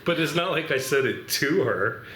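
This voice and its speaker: A man's voice: on the high side, animated, moderate pace, over a noisy crowd. A man hosting a podcast, chatting loosely and jokingly with guests and reading prepared text aloud. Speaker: podcast host, sports mental coach. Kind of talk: casual chat. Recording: echoey room.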